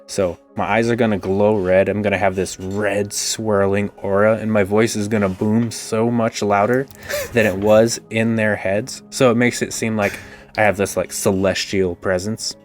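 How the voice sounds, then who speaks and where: A man with a fairly low voice plays a tabletop game and talks through his character's magic at length. His delivery is laid-back and conversational, with faint music in the background. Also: little pitch movement, normal speed. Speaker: player. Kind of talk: casual tabletop game play.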